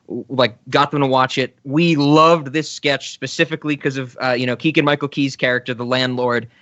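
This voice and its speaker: A man's voice: medium pitch, fairly bright tone, no room sound, dull audio. A man hosting a film podcast in casual chat, easygoing and chuckling often. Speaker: podcast host.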